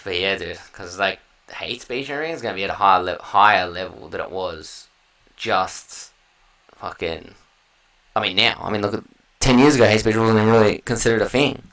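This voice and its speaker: A man's voice: fairly low pitch, brisk, a bit bright, poor audio. An Australian man hosting a solo podcast, talking in a loose, rambling way with slang and heavy swearing. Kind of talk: casual rambling monologue.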